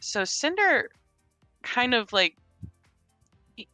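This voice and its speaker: A woman's voice: fairly high pitch, very animated, takes it slowly, sharp tone, dry recording, soft background music, pitched above the performer's own voice, heavily acted. A woman playing Jane, a flustered stammering adventurer. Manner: stammering, hesitant.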